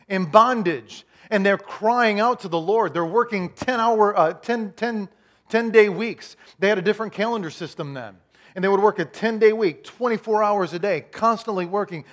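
A man's voice: sits high, fairly bright tone. A middle-aged man preaching a sermon in a conversational way. He repeats his key lines, restarts his sentences and acts out the voices of people he talks about. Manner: acts out voices of worshippers and complainers. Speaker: pastor.

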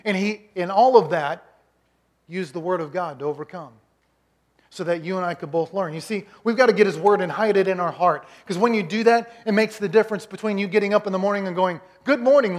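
Male pastor, high voice, emphatic storytelling sermon. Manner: storytelling, emphatic, rhetorical questions.

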